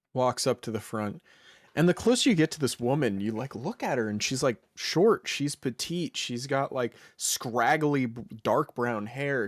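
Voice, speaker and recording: A man's voice: mid-range voice, dry recording, clean studio sound. A man narrating a tabletop game as dungeon master, casual and hesitant, with many fillers.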